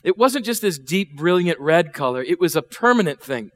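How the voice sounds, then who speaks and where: A middle-aged pastor preaches a sermon in church, his voice a little high and sing-song at a normal speed. He keeps it chatty, putting questions to the congregation and acting out different voices.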